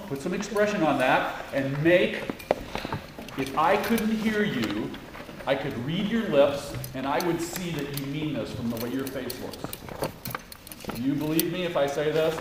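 A man's voice: a little high, a little slow. A man directing a choir rehearsal, coaching the singers with encouragement and singing phrases to show them how. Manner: encouraging, sings phrases to demonstrate. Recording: echoey room heard from far off with background noise.

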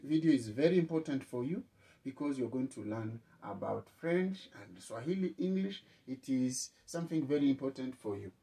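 Male language teacher, slow deliberate repetition, a little distant from the mic. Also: mid-range voice, dark tone. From East Africa. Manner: slow, repeats words for learners to echo. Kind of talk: spoken language lesson.

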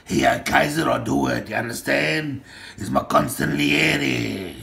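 A gravelly, heavily fried man rants in an aggressive, profane monologue. His voice is bright and tense, and his delivery drags slowly while he barks out names and threats. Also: mid-range voice. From Australia. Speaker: self-styled gang boss ranting to camera. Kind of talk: angry rambling monologue.

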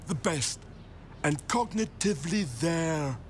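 Boastful president impression, sketch comedy, high voice, slow drawn-out delivery. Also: male voice, expressive, a little hiss or hum. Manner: slow, exaggerated, self-congratulating delivery. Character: boastful male US president impression, brash and self-praising.

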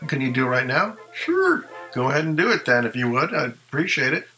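A man's voice: medium pitch, fast, sharp tone, faint music behind, poor audio. A man who collects ventriloquist figures, chatting casually in a rambling show-and-tell and second-guessing himself as he goes.

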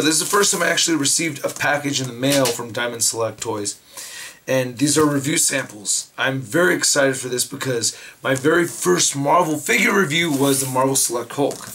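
A man with a hoarse, raspy voice, chatting excitedly and rambling as he unboxes toys for his channel. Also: medium pitch, a little hiss or hum. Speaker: toy reviewer. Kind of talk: casual unboxing chat.

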